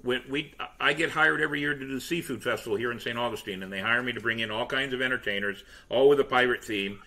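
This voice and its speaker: A man's voice: mid-range voice, fast. A man on a pirate-themed podcast, telling stories in casual chat and acting out the quotes. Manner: animated storyteller, acts out quotes. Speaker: pirate museum tour guide and entertainer.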